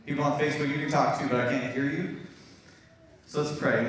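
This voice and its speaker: A man's voice: mid-range voice, fairly even intonation, a little fast, pauses often, recorded from a distance, a little hiss or hum. A man preaching a casual, chatty sermon as pastor, speaking to his congregation with friendly asides. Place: church hall. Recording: very echoey church room, voice from off-mic.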